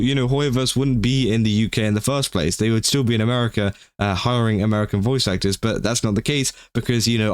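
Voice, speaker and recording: A man's voice: mid-range voice, dry recording, studio quality. A man giving casual gaming-news commentary, rambling with lots of fillers and exasperated outbursts.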